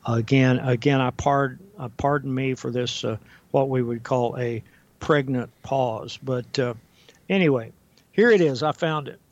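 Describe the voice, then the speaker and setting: An older man speaking as a guest historian on a talk radio show, deliberate and halting with frequent fillers, reading quotations slowly and carefully. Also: medium pitch, no echo. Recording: dull, dry lo-fi audio.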